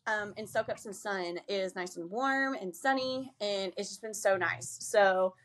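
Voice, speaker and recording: Young woman, chatty, energetic, laughs a lot, mid pitch. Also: measured pace. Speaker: podcast co-host. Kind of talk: casual chat.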